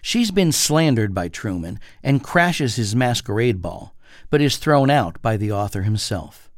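A man reviewing a television drama for a radio show, measured and enthusiastic. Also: medium pitch, big pitch swings, dry recording, studio quality. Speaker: TV critic. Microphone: studio mic.

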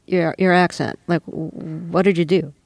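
A woman's voice: lowish voice, steady tone, normal speed, a little mellow, dry recording. A woman hosting an interview, asking curious, amused questions. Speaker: interviewer host. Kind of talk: radio interview.

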